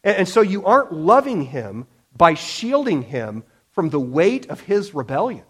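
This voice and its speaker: A male preacher delivers a sermon in a fairly high voice. He presses his points with emphasis, stumbles over repeated words, and slips into quick voiced impressions of other people. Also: sing-song, fairly bright tone, husky. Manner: emphatic, with frequent restarts and acted-out quotes. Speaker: pastor.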